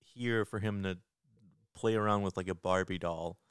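Low-voiced man with wry, crude quips. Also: steady tone, moderate pace, clear, resonant tone, dry recording, studio quality. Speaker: podcast co-host. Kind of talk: casual podcast chat.

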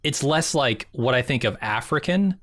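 A man's voice: mid-range voice, animated, normal speed, fairly bright tone, dry recording, studio quality. A man co-hosting a podcast in casual chat, wry and joking. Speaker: podcast co-host.

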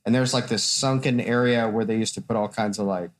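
A man's voice: on the low side, steady tone, brisk. A man, a tattoo artist and podcast host, telling a long story in casual, profane chat and acting out the people in it.

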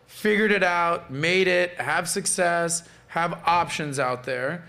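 A man's voice: fairly high pitch, slow pace, sharp tone. A man around forty hosting a podcast, brash, joking and profane in casual chat. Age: late 30s to early 40s. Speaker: podcast host.

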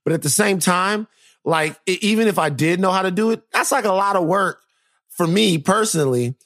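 A man hosting a podcast, telling a story in an animated, casual way. He repeats phrases for effect and swears freely. His voice sits somewhat high and sounds dry and close. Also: moderate pace, dry recording. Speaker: podcast host.

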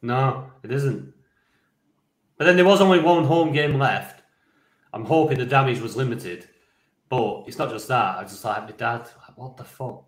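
A man, a podcast co-host telling a lively, rambling story, swearing freely and laughing along. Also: medium pitch, normal speed, reverberant. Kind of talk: casual anecdote telling.

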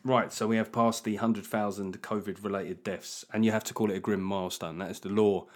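A man's voice: lowish voice, fairly even intonation, fairly quick, faint music behind. Sweary, self-mocking man hosting a podcast. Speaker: podcast host. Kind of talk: solo comedy podcast monologue.

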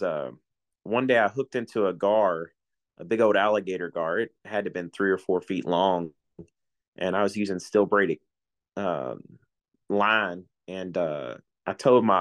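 A man in his forties settles into a relaxed chat, telling folksy stories with frequent chuckles. His voice sits fairly low. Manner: folksy storyteller, chuckles often. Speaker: guest, retiring coast guard officer. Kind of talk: casual chat.

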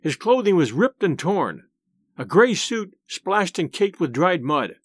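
A man's voice: high voice, sing-song, a little slow, dry recording. A man narrating a horror story in a dramatic, suspenseful reading style. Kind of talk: audiobook narration.

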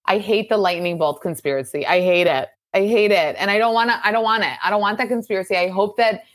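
A woman's voice: medium pitch, quick pace. A woman guest on a podcast, ranting emphatically and swearing in casual chat. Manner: animated, profane, emphatic ranting.

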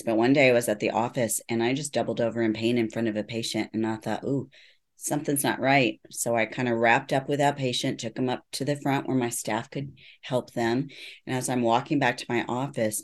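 A middle-aged woman, a neuropsychologist, giving earnest personal testimony in an interview. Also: rumbling low. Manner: earnest storytelling, acts out quoted voices. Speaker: neuropsychologist guest.

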